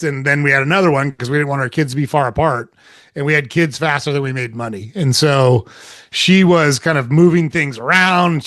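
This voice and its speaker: A man's voice: mid-range voice, fairly bright tone, dry recording, studio quality. A middle-aged man telling a personal story in candid, casual chat as a podcast guest, swearing freely. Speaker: podcast guest, relationship coach.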